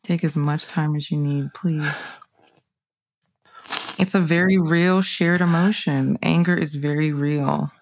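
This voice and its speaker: A podcast host with a gravelly, mid-pitched voice leads a sensitive conversation. The host speaks gently and affirms the guest's feelings. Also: fairly even intonation, slow pace. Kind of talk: supportive interview hosting.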